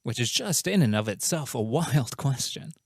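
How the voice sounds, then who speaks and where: A man's voice: mid-range voice, lively intonation, normal speed, husky, no room sound, clean studio sound. A man hosting a comedic quiz show, reading out questions and answers in a playful, jokey, self-mocking way.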